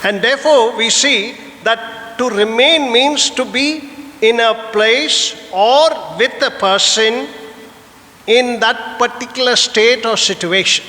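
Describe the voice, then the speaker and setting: A priest preaching a Sunday homily in a church, earnest, with rhetorical questions and a personal story. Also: male voice, very high-pitched, takes it slowly, bright, forceful tone, long reverb tail.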